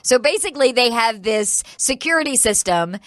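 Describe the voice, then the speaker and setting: A woman's voice: on the high side, animated, moderate pace, fairly bright tone, dry recording, clean studio sound. A woman radio host chatting about the week's odd news stories, reading quotes and riffing with her co-host. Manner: reads news quotes then riffs, laughs easily. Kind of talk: casual news chat. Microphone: studio microphone.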